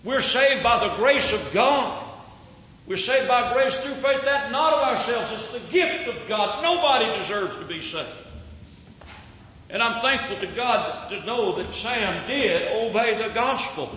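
A male preacher delivers a sermon in a high, ringing voice, repeating himself in earnest restarts. He is recorded in a big hall that echoes with long reverb. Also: animated, measured pace, sharp tone, slight background noise.

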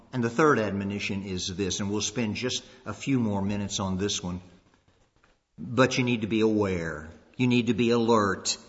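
A man's voice: mid-range voice, fairly bright tone. A male pastor preaching a sermon, earnest, often repeating words as he stresses a point. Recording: long reverb, dull lo-fi sound.

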